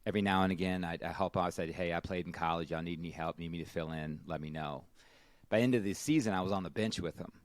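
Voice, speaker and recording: A man's voice: low voice, quick pace, no echo. A man in his thirties, a podcast guest, talking casually and reflectively and often repeating his first words. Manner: reflective, repeats words when starting sentences. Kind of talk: casual conversation.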